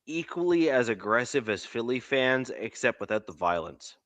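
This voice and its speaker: A man's voice: medium pitch, sing-song, normal speed, fairly bright tone, dry recording. A man from Canada co-hosting a casual sports podcast, opinionated and repeating himself to make a point. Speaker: podcast co-host.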